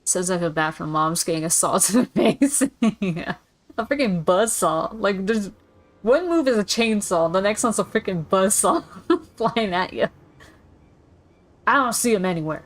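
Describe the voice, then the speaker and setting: A woman's voice: mid-range voice, expressive, a little slow. A woman giving casual let's-play commentary, chatting and joking as she plays. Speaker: streamer.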